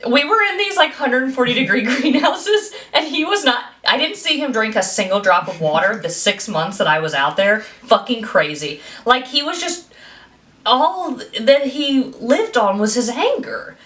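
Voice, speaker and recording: A young woman co-hosting a casual movie review podcast, telling stories in a profane, animated way. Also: sits high, normal speed, echoey room. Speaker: podcast co-host.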